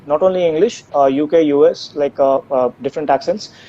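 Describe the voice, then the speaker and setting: A man's voice: a little high, a little fast, dark tone. A man answering audience questions as a tech company's co-founder, talking with many fillers and restarts. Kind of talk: live Q&A interview answers. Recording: dull lo-fi live stream audio with faint noise.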